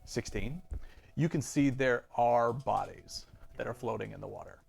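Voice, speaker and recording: A man running a tabletop game as game master, narrating casually and often pausing on ums. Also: medium pitch, gravelly, darkish tone, husky.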